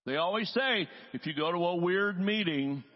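A man's voice: high-pitched, expressive, moderate pace. A late middle-aged man, a traveling evangelist, preaching a conversational sermon in a folksy way with joking asides and frequent restarts. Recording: dull lo-fi sound with long hall reverb.

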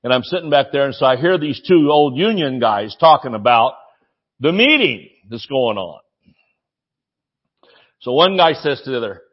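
A man preaching a sermon with humorous stories, excitable and often yelling, then dropping to a chatty storytelling tone. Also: mid-range voice, moderate pace, lo-fi sound. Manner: excitable, yells when preaching.

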